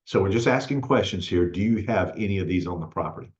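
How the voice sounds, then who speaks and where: A man's voice: sits low, lively intonation, quick pace, a little mellow. A man teaching real estate students, patiently explaining a contract and checking in with "okay?" as he goes. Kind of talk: recorded lecture walking through a contract. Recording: roomy, slightly dull recording.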